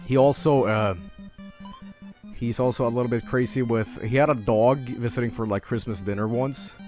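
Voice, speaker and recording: A young man casually telling stories on a stream, halting and swearing, breaking into laughter. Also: mid-range voice, fairly even intonation, a little mellow, faint music behind. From Sweden.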